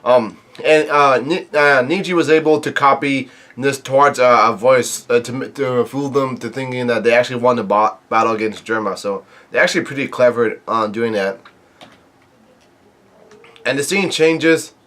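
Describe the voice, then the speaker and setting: A man's voice: mid-range voice, normal speed, fairly bright tone. A man casually recapping a comic chapter, reading the panels aloud and rambling with lots of fillers and restarts. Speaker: manga chapter reviewer.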